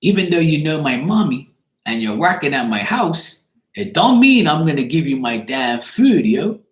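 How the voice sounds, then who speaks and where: A man voicing a cheeky, stubborn four-year-old girl who won't share her snacks, with a sassy, drawn-out way of talking. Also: fairly high pitch, sing-song, reverberant, voice pushed up.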